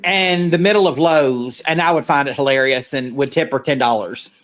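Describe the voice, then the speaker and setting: A man's voice: mid-range voice, normal speed, a bit bright. Blunt, rambling male podcast co-host. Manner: rambling, blunt, swears freely. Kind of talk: casual chat.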